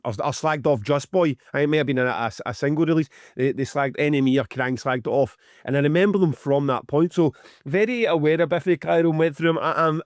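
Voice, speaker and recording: A man's voice: mid-range voice, dry recording, clean studio sound. A Scottish man co-hosting a podcast in casual, sweary, teasing chat. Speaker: podcast co-host.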